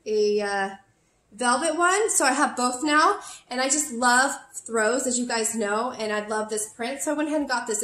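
A woman's voice: on the high side, normal speed, a bit bright. A woman in her forties vlogging a shopping haul in casual, chatty talk full of fillers, a little out of breath. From California. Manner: chatty, bubbly, lots of fillers. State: slightly out of breath. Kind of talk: casual chat to camera. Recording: echoey room.

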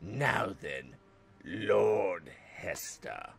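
A man voicing a sinister old male emperor in a fan role-play over gameplay, speaking in a drawn-out, commanding way. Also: low-pitched, lively intonation, vocal fry, a loud crowd, pitched below the performer's own voice, full character voice. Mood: sinister approval.

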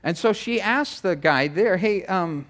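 A middle-aged man preaching a sermon, telling a personal story in a chatty, animated way with many asides. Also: sits high, unhurried. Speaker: pastor. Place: church sanctuary.

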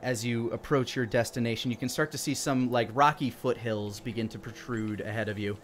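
A man narrating a tabletop fantasy game as dungeon master, relaxed, with fillers and restarts. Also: medium pitch, brisk, faint music behind.

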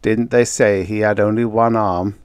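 Male narrator as a low, ominous guard, dry audiobook sound. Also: steady tone, moderate pace, darkish tone, clear, resonant tone, dry recording, close to an everyday voice.

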